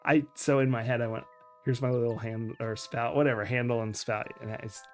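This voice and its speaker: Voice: medium pitch, steady tone, a little fast, faint music behind. A streamer giving live commentary on a game, ranting in annoyance and laughing at the puzzles. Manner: exasperated, laughing rants.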